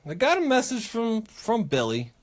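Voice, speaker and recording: Podcast host, male, lively profane storyteller with a slightly high voice and big swings in pitch. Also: moderate pace. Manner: animated, profane, acts out voices while telling stories. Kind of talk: casual storytelling chat.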